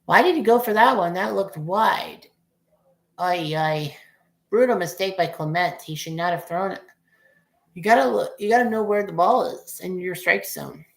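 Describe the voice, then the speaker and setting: A woman's voice: lowish voice, a little slow, creaky, roomy sound. A woman in her forties giving casual, rambling play-by-play of a baseball game as a fan streamer, cursing at bad plays. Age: 40s.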